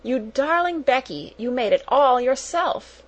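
A woman reading aloud as an earnest, warm-hearted young schoolgirl in a storybook. Her lifted, husky voice carries heartfelt exclamations. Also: high-pitched, lively intonation, a little slow, pitched above the performer's own voice. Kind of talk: audiobook character voice.

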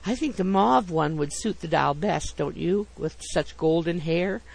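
Man putting on a gushing society lady, pitched high, gravelly underneath. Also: measured pace, rough recording. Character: gushing society wife, fussing over a doll.

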